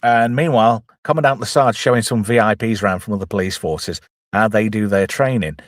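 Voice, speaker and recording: A man's voice: on the low side, a little fast, dry recording, studio quality. Chatty man recapping a film. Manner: chatty, rambling recap with self-deprecating asides. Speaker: film reviewer, channel host.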